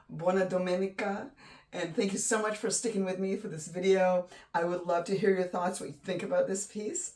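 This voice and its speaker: A woman hosting a casual painting tutorial, gushing and excitable, often trailing off mid-sentence. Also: on the low side. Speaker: art channel host. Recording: voice a bit distant from the mic.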